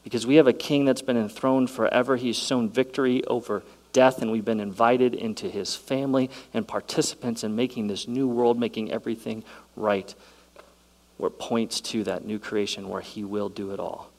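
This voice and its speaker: Male pastor, mid-pitched voice, dynamic sermon delivery from hushed to energetic. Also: normal speed, low-quality recording. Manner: dynamic preaching, swings from soft to loud and excited.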